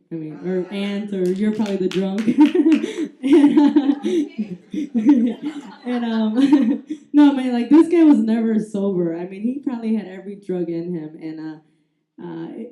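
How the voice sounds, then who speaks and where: A woman's voice: mid-range voice, warm tone, roomy sound. A young woman doing a stand-up comedy set on a club stage mic, telling crude stories with laughter and acting out other people's voices. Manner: crude, laughing storyteller who acts out voices. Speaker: stand-up comic. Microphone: handheld stage mic.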